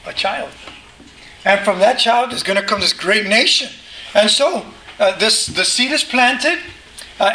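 A man's voice: high voice, bright, forceful tone. A man preaching a sermon to a congregation, talking casually and asking the listeners questions. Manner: conversational, asks the congregation questions. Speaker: pastor. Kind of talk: sermon teaching. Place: church hall with congregation. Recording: roomy hall sound with faint noise.

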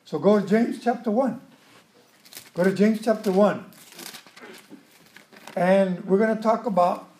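A man preaching a sermon, emotional and expressive, acting out quotes with sudden loud outbursts. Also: sits high, roomy sound. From Mexican background.

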